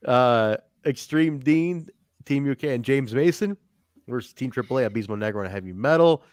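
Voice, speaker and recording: A man's voice: mid-range voice, expressive, moderate pace, darkish tone, no room sound, studio quality. A man hosting a podcast, chatting casually and joking, with plenty of swearing. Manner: laid-back, joking, swears freely. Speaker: podcast host. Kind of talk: casual review chat.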